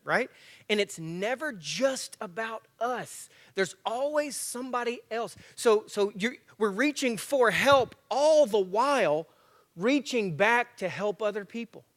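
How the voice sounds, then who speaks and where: A man's voice: high-pitched, a little slow. A man in his forties giving a motivational talk as a guest speaker at a church men's breakfast, telling stories, acting out dialogue and joking at his own expense. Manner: lively storyteller acting out dialogue; jokey, self-mocking.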